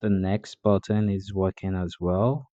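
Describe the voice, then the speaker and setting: A man's voice: low-pitched, fairly even intonation, unhurried, dark tone, no room sound, lo-fi sound. A man narrating a coding tutorial over a screen recording, explaining steps plainly with frequent "uh" fillers.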